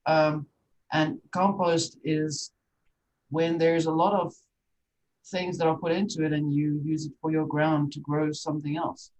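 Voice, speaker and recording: A podcast host talks in a musing, speculative way, thinking out loud during an interview. The voice sits at a middle pitch, with a faint hiss of noise behind it. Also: flat delivery, unhurried, low-quality recording.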